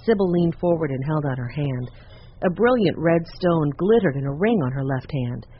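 A man reading a children's story aloud as a narrator, in a steady storytelling manner. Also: on the high side, moderate pace, breathy edge. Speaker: audiobook narrator. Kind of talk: scripted narration. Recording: dull lo-fi recording.

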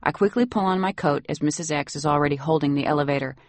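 A woman narrating a novel in the first person, wry and lively. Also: deep voice, fast talker, no room sound. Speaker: audiobook narrator.

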